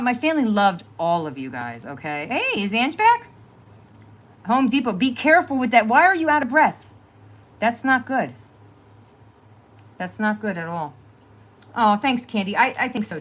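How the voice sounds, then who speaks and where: A middle-aged woman hosting a crafting livestream at home, rambling and chatty as she talks to viewers and trails off with fillers. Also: medium pitch. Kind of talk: casual chat to live viewers.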